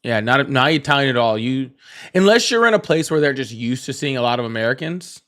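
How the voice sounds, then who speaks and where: A man's voice: medium pitch, lively intonation, brisk, fairly bright tone. A man hosting a casual livestream, rambling with many fillers and restarts, greeting chat viewers by name and swearing offhand. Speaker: livestream host.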